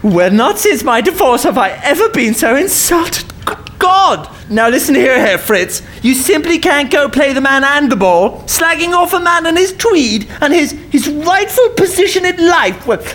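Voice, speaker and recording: Woman doing a prissy gent, high and swoopy, stammers a lot. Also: sing-song, moderate pace, few pauses, a bit bright, slight background noise. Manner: stammering, prim and indignant. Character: posh, fussy English gentleman, easily flustered. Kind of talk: comedy improv sketch.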